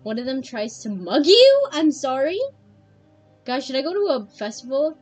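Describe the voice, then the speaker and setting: Young female streamer, bit high-pitched, bubbly and laughing, game music playing faintly underneath. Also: moderate pace, breathy edge. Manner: excitable, laughing, addresses chat. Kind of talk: casual game commentary.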